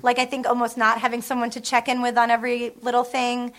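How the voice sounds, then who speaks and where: A woman with a slightly high voice tells a long story, chatty and self-deprecating. She laughs often and fills her talk with ums and likes, in a casual panel setting. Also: monotone, fast talker, fairly bright tone. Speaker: television writer, panel guest.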